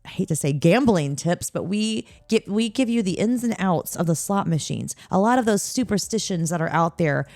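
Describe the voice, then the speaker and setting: Lower-voiced woman hosting a podcast. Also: lively intonation, moderate pace, few pauses, a little mellow, dry recording, soft background music. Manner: teasing, bawdy joking; chatty, promotional sign-off. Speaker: podcast host. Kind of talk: casual podcast chat.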